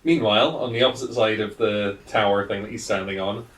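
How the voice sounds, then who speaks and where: A low-voiced man playing a tabletop game, making dry, wry remarks. He sits back from the microphone in a roomy, echoing space. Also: fairly even intonation, fairly quick, a bit bright, recorded from a distance. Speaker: player. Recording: roomy, set back from the mic.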